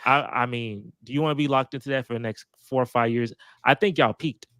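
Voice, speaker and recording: A man co-hosting a casual sports chat, animated and joking, pushing his opinions hard. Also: mid-range voice, a little fast, clear, resonant tone, no echo. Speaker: podcast co-host.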